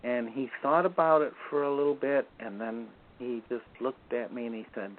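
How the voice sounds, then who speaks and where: Male guest recounting a story over the phone; average pitch, relaxed pace with self-corrections, thin telephone audio. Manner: unhurried, with frequent restarts. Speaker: guest recalling a medicine man. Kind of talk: conversational storytelling. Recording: tinny phone line.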